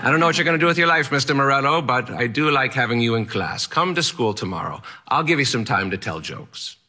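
A man's voice: mid-range voice, expressive, fast, pushed and bright, voice pushed up. A man voicing an eccentric old male Latin teacher with a strange accent who talks bluntly and theatrically. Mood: amused, blunt.

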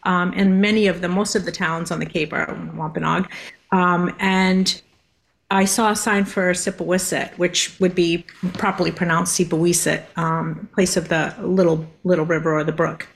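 A woman's voice: fairly low pitch, level tone, normal speed, vocal fry. A woman from Massachusetts answering radio interview questions, hesitant with many ums and restarts. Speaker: guest, linguist.

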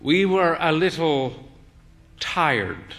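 A man's voice: on the high side, very animated, very slow, a bit bright, full character voice. Man doing a fey, flamboyant aging dandy. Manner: theatrical, camp, crooning. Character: thin, fey man in late middle age, flamboyant.

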